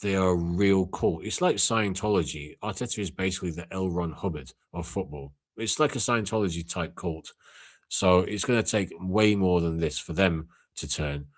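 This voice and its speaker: A young man hosts a casual call-in chat in a low, deep voice. He talks bluntly and swears freely, with rants that break into loud outbursts. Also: normal speed. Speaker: live call-in show host.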